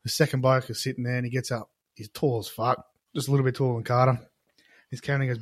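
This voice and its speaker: A man's voice: medium pitch, flat delivery, quick pace, dry recording, studio quality. A young Australian man, a podcast guest, telling crude jokes and chatting in a rambling, casual way. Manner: rambling storyteller, crude, laughs through jokes. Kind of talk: casual banter.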